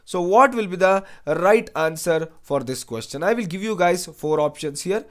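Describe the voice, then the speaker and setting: Here a young man's high-pitched, expressive voice moves at normal speed as he teaches exam prep online. Most lines end with "right?", phrases get repeated, and Hindi asides slip into his English.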